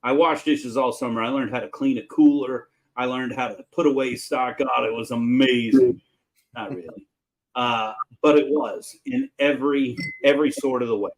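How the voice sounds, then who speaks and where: A man's voice: medium pitch, moderate pace, few pauses, low-quality recording. A middle-aged man, a chef hosting his show, telling a casual, folksy story about his early restaurant jobs. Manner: folksy, animated storyteller with fillers.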